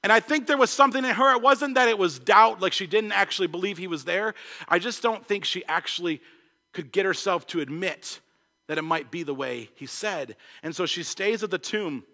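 A male pastor preaching an earnest sermon, swinging between emphatic points and hushed asides. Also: high voice, a little fast, in a large hall. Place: church.

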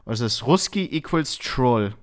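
A man's voice: mid-range voice, animated, moderate pace. A man streaming casually, reading out trade messages and brushing them off with laughs. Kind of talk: casual livestream commentary.

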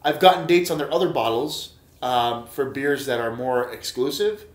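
A man's voice: medium pitch, echoey room. A man reviewing beer in a casual, chatty vlog, enthusiastic and talking straight to his viewers. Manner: enthusiastic, chatty, repeats himself and addresses viewers as guys.

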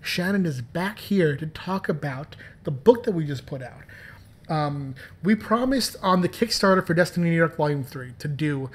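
A man's voice: a little high, expressive, normal speed. A man hosting a podcast and talking about his comics in a playful, joking, chatty way. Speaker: podcast host and comics writer. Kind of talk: casual podcast commentary.

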